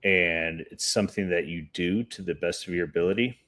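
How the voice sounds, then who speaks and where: A man with a lowish voice hosts a relaxed podcast conversation. He tells stories with ease but hunts for words and restarts when he explains his views. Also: fairly quick. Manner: searching, hesitant when explaining. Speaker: podcast host. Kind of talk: casual chat and storytelling.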